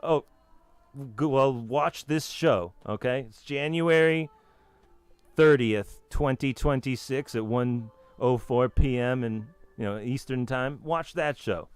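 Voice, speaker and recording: A man's voice: medium pitch, takes it slowly, clear, resonant tone, dry recording. A man giving a long rambling monologue as the channel host, half-singing nursery rhymes and swearing as he goes.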